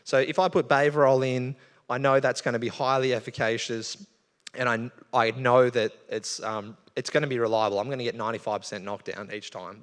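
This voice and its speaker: A man with an Australian accent, giving a casual, conversational talk to an audience at a live event. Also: mid-range voice. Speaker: bee researcher giving a talk. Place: event hall. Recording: long hall reverb.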